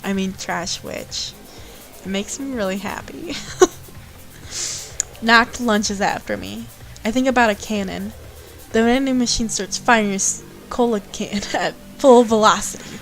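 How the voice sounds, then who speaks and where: Brief: playful woman streamer, mid pitch, reads a visual novel aloud with jokey asides. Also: unhurried, faint music behind, low-quality recording.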